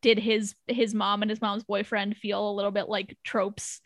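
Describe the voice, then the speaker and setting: A woman's voice: medium pitch, level tone, no echo. Opinionated woman on a dry mic. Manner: opinionated, talks in quick bursts. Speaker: podcast co-host. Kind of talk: casual chat analyzing a TV pilot.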